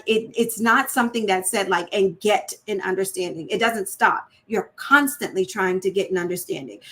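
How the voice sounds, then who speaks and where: A woman's voice: a little high, a bit bright. A woman hosting a candid, faith-based talk on marriage, speaking earnestly and conversationally and acting out example phrasings in shifting tones. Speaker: host of a faith-based women's channel.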